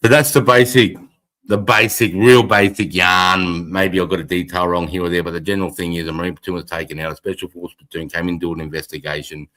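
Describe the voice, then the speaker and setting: Deep-voiced Australian man rambling. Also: level tone, fairly quick, fairly bright tone. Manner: rambling, heavy swearing, frequent laughter. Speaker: livestream host. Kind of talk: casual livestream chat.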